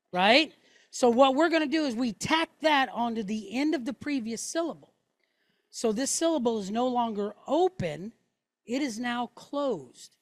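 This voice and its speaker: A woman with a somewhat high voice teaches slowly and patiently, laying out each point step by step. She checks in with her listeners again and again. The sound is close and dry, with no room echo. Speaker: Hebrew teacher. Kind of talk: classroom teaching.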